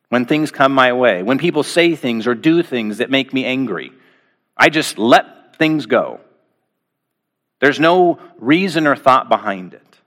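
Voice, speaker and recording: A man preaching a sermon to his congregation, asking rhetorical questions and slowing down with deliberate pauses on key phrases. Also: medium pitch, a bit bright. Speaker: pastor.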